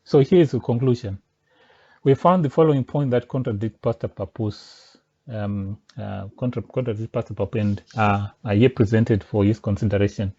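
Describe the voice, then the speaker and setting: With a lowish, dark voice edged with breath, a religious commentator argues insistently against a pastor's teaching at normal speed, pressing points one by one. It's a dull lo-fi recording.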